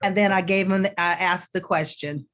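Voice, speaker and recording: A woman's voice: fairly low pitch, steady tone, moderate pace, fairly bright tone. A woman career coach speaking as a guest on a talk show. She explains things step by step and acts out example questions to show her point. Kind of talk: conversational teaching.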